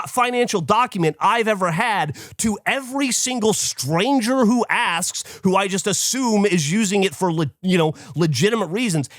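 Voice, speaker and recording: A man's voice: high voice, no room sound, clean studio sound. A man co-hosting a podcast who tells a story in a casual, profane rant and acts out other people's lines. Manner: animated, profane ranting. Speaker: podcast co-host.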